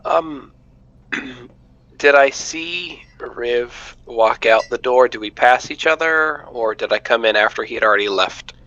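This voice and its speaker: A man playing in a tabletop game, describing his character's actions in a measured, thoughtful way. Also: mid-range voice, pushed and bright, highs cut off. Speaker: player. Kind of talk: tabletop role-play chat.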